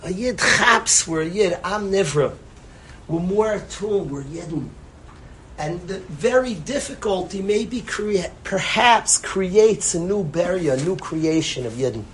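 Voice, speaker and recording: A man giving an impassioned sermon as a rabbi. He swings between loud emphasis and soft, hushed phrases, and repeats lines for stress. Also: high voice, animated, a little slow, a little hiss or hum, rough recording.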